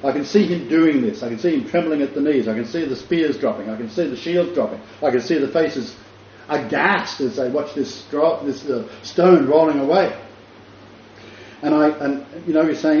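A Bible teacher with a fairly high, darkish voice speaks at normal speed as he teaches a sermon. He tells the story with imagination, rambling, restarting often and chuckling along the way. Faint noise sits under the dull echo of the room.

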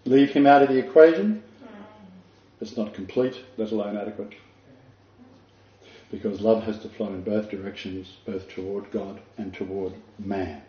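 A man's voice: on the low side, moderate pace, pauses often. An older man preaching a sermon, earnest and emphatic, with asides to his listeners. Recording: dull echoey room recording.

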